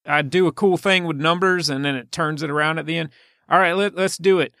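A man co-hosting a joking movie podcast, playful and quick to join in on a bit. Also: on the high side, fairly even intonation, fairly bright tone, dry recording, clean studio sound. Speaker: podcast co-host.

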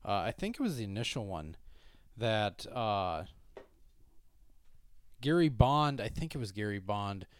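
A man's voice: fairly low pitch, big pitch swings, a little slow, long pauses, smooth, no room sound. A man co-hosting a casual film podcast, thinking aloud and unsure of the details as he talks. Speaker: podcast co-host.

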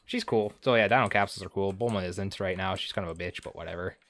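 A man's voice: sits low, fast, a bit bright. A man co-hosting a podcast, recapping an episode in a profane, sarcastic, rambling way. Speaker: podcast co-host. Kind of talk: casual recap chat.

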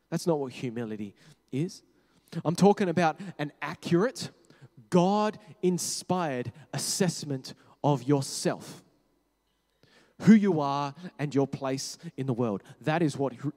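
A man preaching a sermon, talking conversationally, correcting himself and dropping to quiet low tones for emphasis. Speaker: pastor. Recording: long hall reverb.

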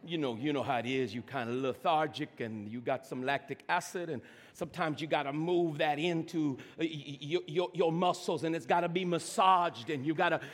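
A man preaching a sermon as pastor, swinging from shouting to near whisper. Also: on the high side, normal speed, hardly any pauses, big-room sound.

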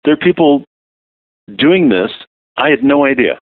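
A man, a voiceover artist, chatting casually as an interview guest, relaxed and self-deprecating with hesitant fillers. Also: mid-range voice, normal speed, background noise. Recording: dry, tinny phone-like line.

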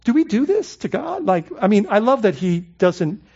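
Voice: mid-range voice, sing-song, moderate pace, darkish tone, slightly rough. Pastor giving a sermon, voice swoops up and down a lot, chatty with lots of "right?", kinda muffled recording. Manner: conversational, rhetorical questions, frequent "I mean" and "right?".

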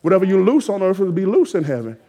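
Male preacher, high voice, fervent exhorting sermon delivery with loud peaks. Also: sing-song, quick pace. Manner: exhorting, call-and-response rising to shouted emphasis.

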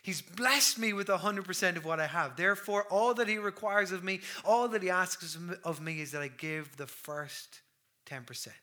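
Guy preaching, bright sharp voice, goes big then whispery quiet. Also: sits high, moderate pace. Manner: impassioned, swinging from loud declarations to hushed near-whispers. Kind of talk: sermon.

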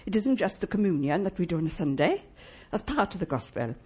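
A woman preaching a sermon in church, emphatic and lively, asking the congregation rhetorical questions. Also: on the low side, fairly quick, husky.

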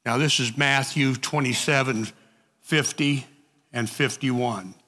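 A man leads a group Bible study in a bright, forceful voice. He speaks slowly and conversationally, often repeating words and restarting sentences. His voice carries a long reverb, as if the room is large and hard-walled. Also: mid-range voice, fairly even intonation.

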